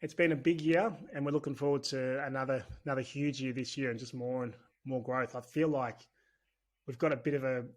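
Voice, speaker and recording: A man's voice: mid-range voice, steady tone, brisk. A man with an Australian accent, talking as a podcast guest in a chatty, candid, rambling way. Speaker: podcast guest, business owner. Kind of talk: casual conversational interview.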